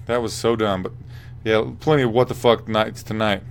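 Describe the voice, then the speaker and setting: Hosting a casual post-fight MMA breakdown, a young man speaks at a moderate, steady pace in a lowish, smooth yet creaky voice. His talk rambles, is full of swearing, and keeps turning to answer viewers' chat messages.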